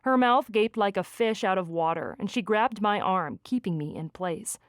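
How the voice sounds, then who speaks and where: A woman reading a first-person romance audiobook with lively, expressive delivery on a close studio mic. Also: medium pitch, moderate pace, no echo. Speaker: audiobook narrator.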